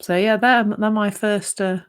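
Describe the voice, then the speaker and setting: A woman's voice: mid-range voice, fairly even intonation, measured pace, clear, resonant tone. A woman co-hosting a podcast, musing aloud in a thoughtful, rambling way and laughing easily. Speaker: podcast co-host. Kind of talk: casual reflective conversation.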